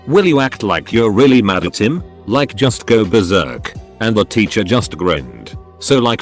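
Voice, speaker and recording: A man doing scripted story narration in an expressive way, acting out the quoted lines. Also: fairly low pitch. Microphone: studio voice-over mic. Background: faint background music.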